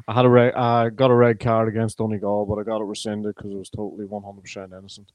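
An Irish man talking as a pundit, a former player, in a measured, hesitant way with many ums. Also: on the low side, monotone, darkish tone, no room sound, low-quality recording. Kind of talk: casual sports chat.

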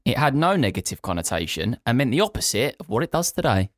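A man's voice: medium pitch, huge pitch swings, a little fast, few pauses, a bit bright, dry recording, studio quality. A man co-hosting a podcast, blunt and playful in casual banter. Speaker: podcast co-host.

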